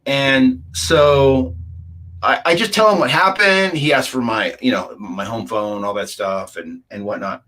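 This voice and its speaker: A man's voice: mid-range voice, a little slow, bright, forceful tone. Middle-aged man telling a rambling story. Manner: rambling, acts out the dialogue of others. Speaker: guest recounting a UFO encounter. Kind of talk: casual anecdotal storytelling.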